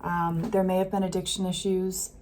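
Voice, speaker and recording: A woman's voice: lowish voice, little pitch movement, normal speed. Musing woman reading tarot cards. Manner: gentle, musing, thinks aloud with many fillers. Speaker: tarot reader. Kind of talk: casual tarot reading to camera. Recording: faint street noise behind.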